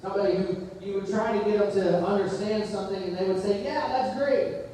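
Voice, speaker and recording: A man's voice: high-pitched, little pitch movement, fast, warm tone, slight background noise. A middle-aged man preaching a sermon, telling a personal story in a conversational way and pressing his main points harder as he goes. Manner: conversational storytelling, rising emphasis on key points. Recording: echoey hall, distant mic.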